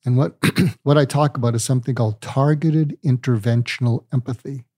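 An older male psychiatrist, calm and deliberate, explaining ideas with medical analogies in an interview. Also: mid-range voice, dry recording, studio quality. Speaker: psychiatrist guest.

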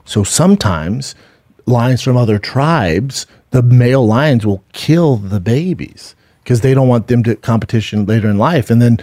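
A man's voice: medium pitch, expressive, unhurried, warm tone, dry recording, clean studio sound. A middle-aged man, podcast co-host, chatting casually and telling a rambling story, swearing freely. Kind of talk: casual chat and live ad reads.

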